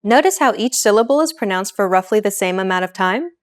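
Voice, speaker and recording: A woman presents a pronunciation lesson in clear, scripted narration. She explains each point in a steady, encouraging way, at a medium pitch. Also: fast. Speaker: language lesson host.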